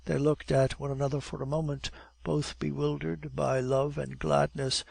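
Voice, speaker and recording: A male audiobook narrator with a gravelly, creaky edge to his voice. He reads in a steady, measured way. The sound is close and dry. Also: fairly high pitch, dry recording. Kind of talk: scripted narration.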